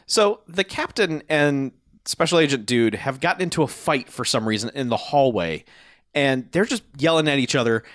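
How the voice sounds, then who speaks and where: Dude recapping a movie, sarcastic, mutters the quotes, dry close mic. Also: male voice, normal speed, no echo. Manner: sardonic, mutters quoted lines low and flat. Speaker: podcast co-host. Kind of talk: casual movie review chat.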